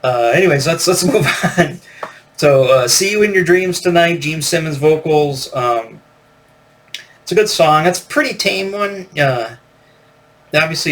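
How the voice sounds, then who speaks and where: A man talking loosely about a classic rock record in a relaxed review. He rambles, circles back on himself with fillers, and breaks into laughter often. His voice sits at an ordinary middle pitch for a man. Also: a little hiss or hum. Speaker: album reviewer.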